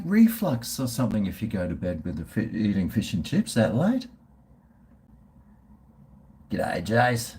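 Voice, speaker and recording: An Australian man talks casually on a livestream, reading out and answering viewers' comments. His pitch moves around a lot as he rambles, with restarts and trailing thoughts. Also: very animated, a little slow, warm tone. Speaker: food reviewer and livestreamer.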